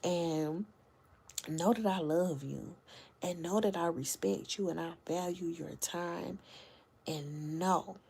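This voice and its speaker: A woman's voice: lowish voice, slow pace, gravelly, warm tone, husky. A woman hosting a casual late-night livestream from home, talking to her viewers in a chatty, slangy way and often dropping to a whisper. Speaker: livestream host and reader. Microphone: phone livestream.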